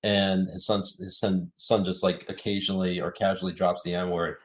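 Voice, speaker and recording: A man hosting a casual political chat show, animated and laughing often as he reads out news stories. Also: sits low, normal speed. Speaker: podcast host.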